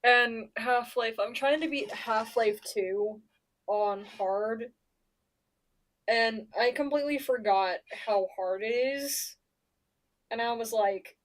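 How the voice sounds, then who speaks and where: This young woman from Pennsylvania chats casually on her stream at a measured pace and medium pitch. She rambles and swears, with many stammered restarts.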